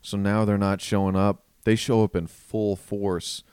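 A comedian with an East Coast American accent tells stories in casual chat, acting out the crowd's voices. His voice sits on the low side, and the mic is close and dry. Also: level tone, unhurried, a little mellow, smooth, no room sound. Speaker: podcast co-host and comedian.

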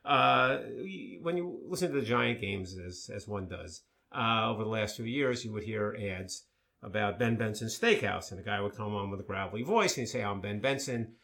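A man's voice: lowish voice, normal speed, creaky. Chatty male co-host telling stories. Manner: relaxed storytelling with many fillers. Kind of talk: casual conversational chat.

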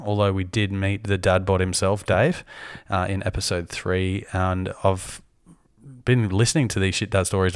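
A man with an Australian accent hosting a casual podcast chat over a video call from home, easygoing and quick to laugh. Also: sits low, clean tone, dry recording, studio quality. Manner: laid-back, laughs often, many ums. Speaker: podcast host. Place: home, at night.

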